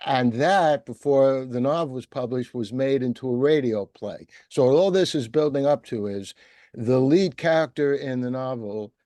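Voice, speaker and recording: A man's voice: medium pitch, normal speed, warm tone, no room sound. A man hosting an interview, talking in a rambling, digressive way. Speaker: host interviewer. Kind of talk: conversational interview.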